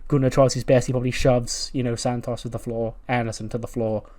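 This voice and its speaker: A man narrating his wrestling management game run in a loose, chatty way. His pitch sits in an ordinary middle range. He keeps correcting himself and chuckles at his own jokes. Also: flat delivery, fast, warm tone. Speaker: game commentator. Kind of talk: casual narration of a wrestling sim playthrough.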